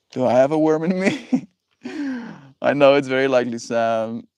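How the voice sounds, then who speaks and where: A man's voice: mid-range voice, big pitch swings, slow pace, darkish tone, clear, resonant tone, dry recording. A man hosting a livestream who chats casually with viewers, rambling and reflective and laughing often. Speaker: livestream host.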